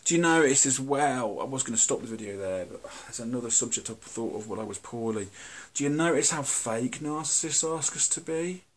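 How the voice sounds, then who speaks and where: A British man talking to camera in a candid, earnest monologue, blunt and halting, often restarting his sentences. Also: medium pitch, expressive. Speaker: video host.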